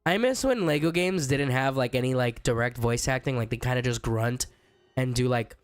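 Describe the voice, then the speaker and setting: A young man streaming a game who is sick and sounds rough. He chats casually, reads chat aloud and jokes with viewers. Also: mid-range voice, moderate pace, no echo, clean studio sound, soft background music. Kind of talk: casual chat while gaming.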